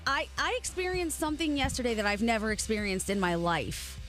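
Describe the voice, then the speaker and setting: A woman's voice: fairly high pitch, very animated, fairly quick, fairly bright tone, faint music behind. A woman co-hosting a morning radio show, chatting eagerly about her trip. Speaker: radio co-host. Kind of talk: casual radio chat.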